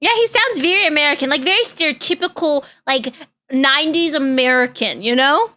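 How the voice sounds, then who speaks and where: A woman's voice: sits high, expressive, brisk, sharp tone. A woman streamer, chatting casually and giggling as she reacts to videos. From Canada.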